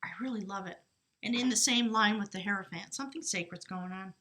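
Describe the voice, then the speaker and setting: A woman's voice: medium pitch, a little fast, sharp tone. A woman giving a casual spiritual tarot reading. She reads rune meanings aloud, then slips into chatty, lighthearted asides. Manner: earnest, lighthearted, laughs easily. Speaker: tarot reader.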